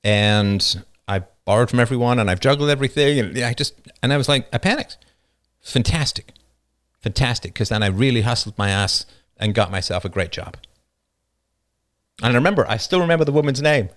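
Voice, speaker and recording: Expressive, a little fast, and a bit bright, this man's voice carries an unscripted livestream monologue. As host he rambles passionately through personal stories, laughing at them and acting out quoted people in a higher voice.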